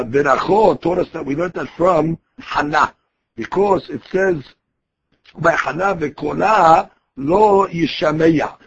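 A man with a fairly high, husky voice leads a daily Talmud class. He explains each phrase in a relaxed, conversational way and restarts sentences as he thinks. The recording sounds dull and lo-fi. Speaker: Talmud teacher.

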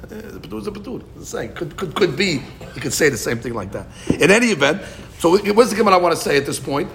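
A man teaching a Talmud class, asking and answering questions in an animated way. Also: sits high, gravelly, slight background noise. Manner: animated, questioning, mixes Hebrew and Aramaic terms.

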